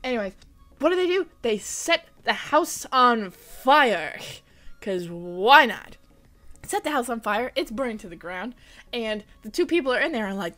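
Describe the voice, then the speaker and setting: Young woman, animated casual recap, slightly high voice, lots of "like", blunt asides. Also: moderate pace. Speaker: vlogger.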